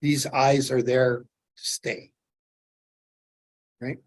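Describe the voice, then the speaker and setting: A middle-aged man from Canada telling lively fishing stories while demonstrating fly tying to a club audience. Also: medium pitch, drawn-out words. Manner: animated storyteller, acts out his own excitement. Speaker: fly tier, presenter.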